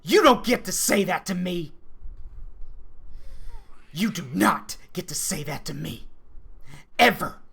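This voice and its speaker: A man's voice: high-pitched, expressive, takes it slowly, gravelly, long pauses, husky, voice pushed up, heavily acted. A man voicing a grieving, sleepless adventurer who screams in fury at a friend. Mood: furious. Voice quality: shouting, strained.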